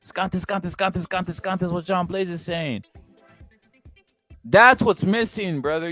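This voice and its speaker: A man hosting a live boxing talk stream who speaks in an animated, profane way, asks rhetorical questions over and over and drives his points home by repeating them. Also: a little high. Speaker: host.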